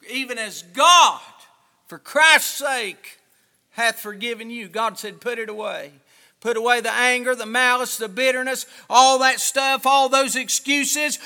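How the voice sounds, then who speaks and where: A man's voice: very high voice, sharp tone, in a large hall. A man preaching a fervent sermon, acting out people's excuses. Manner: fervent, dramatic, acts out excuses.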